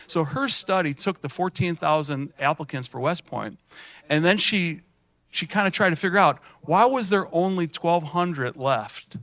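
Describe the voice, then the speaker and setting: A middle-aged man speaks to an audience in a lively, folksy storytelling way, often restarting his sentences and padding them with fillers. His voice sits a little higher than most men's and sounds dry and close to the mic. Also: normal speed, dry recording. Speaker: speaker at a student showcase. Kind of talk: storytelling keynote speech.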